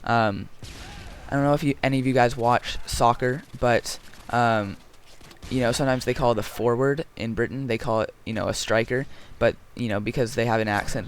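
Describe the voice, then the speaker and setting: This man's gameplay commentary is loose and jokey, full of filler words and detours onto other topics. He speaks at normal speed in a steady, mid-range voice, over a slight background hiss or hum.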